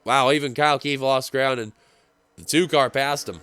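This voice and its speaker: A man giving play-by-play commentary on a simulated stock car race, getting excitable as the finish nears. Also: medium pitch, moderate pace, clear, resonant tone, no echo. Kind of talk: play-by-play sim racing commentary.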